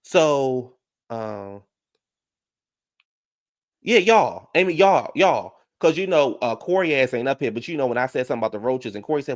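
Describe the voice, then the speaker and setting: A man hosting a casual YouTube show, recapping a reality TV episode and talking to his viewers in chat, jumping into animated high voices when he quotes people. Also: brisk. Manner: talks back to viewers in chat. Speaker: YouTube reaction show host.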